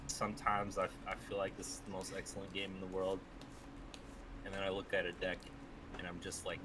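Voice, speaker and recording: A man's voice: deep voice, completely flat delivery, brisk. A man co-hosting a casual podcast, joking and mocking himself. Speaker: podcast co-host. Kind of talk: casual chat. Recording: noisy background hiss.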